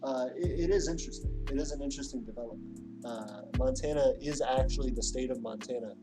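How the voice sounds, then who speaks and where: A man's voice: medium pitch, quick pace, music in the background. Rambling man reading a livestream chat. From Louisiana. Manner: rambling, filler-heavy, reads chat aloud. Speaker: livestream host. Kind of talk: casual chat reading comments.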